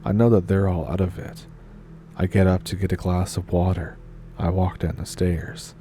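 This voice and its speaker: A man narrating spooky first-person stories in a calm, measured way. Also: low-pitched, a little hiss or hum. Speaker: horror story narrator. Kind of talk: storytelling narration.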